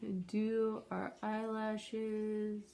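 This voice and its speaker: A woman's voice: mid-range voice, flat delivery, drawn-out words, vocal fry, warm tone. A woman vlogger chatting casually to viewers while doing her makeup, rambling and self-deprecating.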